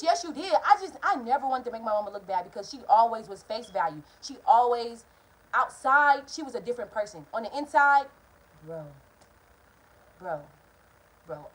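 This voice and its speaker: A young woman telling a personal story in a casual, profane way, jumping between loud outbursts and hushed asides. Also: on the high side, poor audio. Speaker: vlogger.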